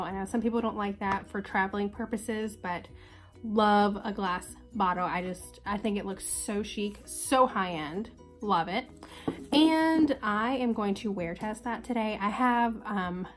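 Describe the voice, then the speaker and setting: A young woman with a congested, sick voice chatting casually and upbeat through a makeup tutorial. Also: mid-range voice. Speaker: beauty vlogger.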